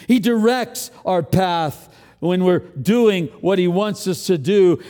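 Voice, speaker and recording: An older man preaching a sermon as pastor, earnest, swinging between a loud push and a hushed near-whisper. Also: on the high side, long reverb tail.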